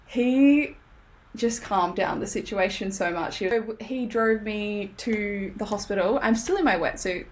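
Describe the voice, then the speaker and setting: Australian woman with a gravelly edge. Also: mid-range voice. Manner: animated, laughs often, acts out her own quotes. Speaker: podcast guest. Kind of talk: casual storytelling.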